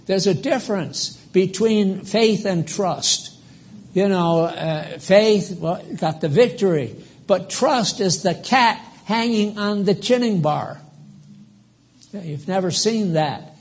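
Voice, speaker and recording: Slow, high-voiced older male preacher. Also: animated. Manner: emphatic, rambling, quizzes the congregation. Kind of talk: live sermon.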